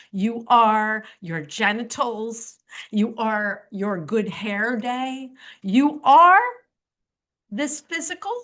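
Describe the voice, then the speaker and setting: Slow, preachy woman with lively pitch. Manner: preachy, lecturing with rhetorical questions; teasing, chuckles at own remarks. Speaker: podcast host. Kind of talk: religious commentary monologue.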